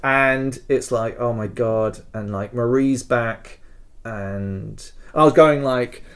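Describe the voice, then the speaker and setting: A man's voice: mid-range voice, takes it slowly, fairly bright tone, smooth. A man co-hosting a podcast, telling a story in a rambling, emotional way with many fillers. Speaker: podcast co-host.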